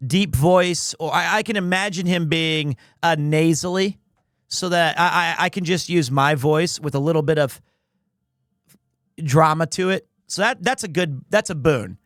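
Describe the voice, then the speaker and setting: A young man streaming live, chatting casually with his viewers in an animated, joking, self-deprecating way. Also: fairly high pitch, measured pace, no echo, clean studio sound.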